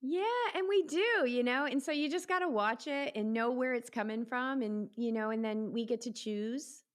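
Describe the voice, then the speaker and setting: A middle-aged woman talking casually as an interview guest, animated and acting out quoted voices, speaking as a yoga teacher and triathlete. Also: a little high, moderate pace.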